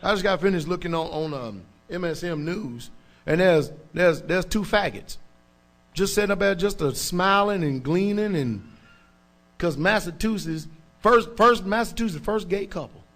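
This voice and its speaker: Man, pastor, preaching a sermon, emphatic, casual speech, pitch a bit high. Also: lively intonation, moderate pace, soft background music. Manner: emphatic, checks in with the congregation; colloquial, informal speech.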